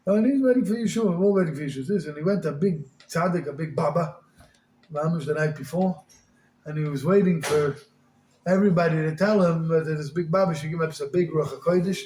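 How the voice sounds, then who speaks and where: A man giving a Hasidic sermon as a rabbi, swinging from crying-out pleas to quiet storytelling, with Yiddish and Hebrew words mixed into his English. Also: a little high, a little fast. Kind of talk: Hasidic sermon to a small group. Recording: echoey room with faint noise.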